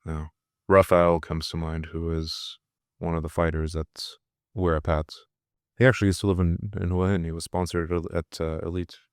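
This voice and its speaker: A man's voice: low-pitched, little pitch movement, normal speed, clear, resonant tone, no echo, clean studio sound. A man who fights, speaking thoughtfully and candidly in a casual podcast conversation. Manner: thoughtful, candid, with soft laughs.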